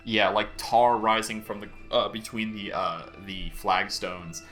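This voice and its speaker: A man with a lowish, bright voice leads a tabletop game as its game master. He paints each scene in detail and stops to confirm rules with the players at the table. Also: measured pace, soft background music. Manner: describes scenes vividly and checks rules with players.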